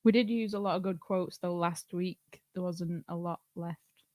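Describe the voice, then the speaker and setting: A woman's voice: on the low side, fairly even intonation, moderate pace, darkish tone, no echo. Laid-back woman co-hosting, dry sound. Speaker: quiz co-host. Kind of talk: casual chat.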